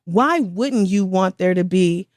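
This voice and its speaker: A middle-aged woman co-hosting a casual podcast chat, blunt and profane, and quick to laugh. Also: lowish voice, darkish tone, dry recording, studio quality. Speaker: podcast co-host.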